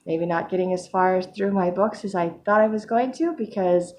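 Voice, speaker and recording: A vlogger records a casual video diary at home, speaking hesitantly and with lots of fillers, her voice still a bit worn from crying earlier. Her tone is mid-range and slightly mellow, her pace moderate, with a little background noise.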